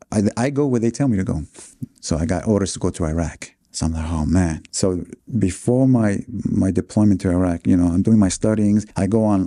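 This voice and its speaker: Brief: New man, forties, interview guest telling his story; low, dark, mellow voice, dry close sound, earnest and halting. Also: no room sound. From New York City, USA. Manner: earnest, with many fillers and restarts.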